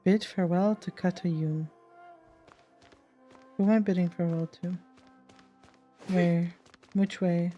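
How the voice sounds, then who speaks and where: A woman in her twenties chats through a game as a streamer, emotional and tripping over names. Her voice is mellow and fairly low, and she talks slowly. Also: fairly even intonation, lo-fi sound, faint music behind. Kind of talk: casual reaction chat.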